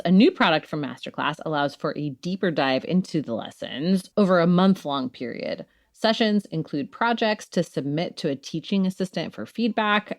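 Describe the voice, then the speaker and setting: A woman's voice: deep voice, gravelly. A woman podcast co-host doing a casual, joking host-read ad and laughing often.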